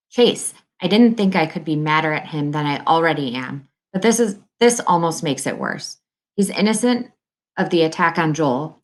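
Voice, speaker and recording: A woman reading a novel aloud in the first person, with earnest, quick storytelling. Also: deep voice. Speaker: audiobook narrator. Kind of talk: first-person audiobook narration.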